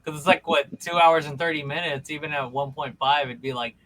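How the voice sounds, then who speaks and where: A man co-hosting a podcast, chatting casually and thinking out loud. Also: on the high side, fairly even intonation, a little fast, a little hiss or hum, rough recording. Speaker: podcast co-host. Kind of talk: casual chat.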